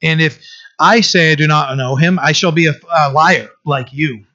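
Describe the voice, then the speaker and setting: A man teaching through a Bible passage verse by verse, reading scripture slowly and then explaining it in a loose conversational way with restarts. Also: a little high, pushed and bright, highs cut off.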